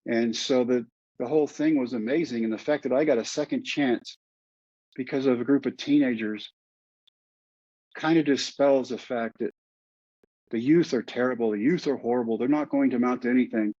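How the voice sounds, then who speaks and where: A man's voice: medium pitch, moderate pace, warm tone, breathy edge, dry recording, muffled recording. A middle-aged man, a podcast guest, telling his story earnestly and repeating phrases for emphasis.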